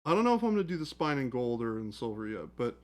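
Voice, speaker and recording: A livestream host with a medium-pitched, darkish voice talks fast with big pitch swings. Painting miniatures, they joke around and think aloud in casual banter, playfully slipping into silly voices.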